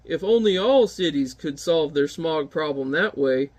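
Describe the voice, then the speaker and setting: A kindly, well-meaning giant who speaks in a gentle, earnest storybook way, as a man reads him out from a comic. His voice sits high and bright for a big fellow, and his tone stays sincere and mild. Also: animated, unhurried. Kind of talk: reading comic dialogue aloud.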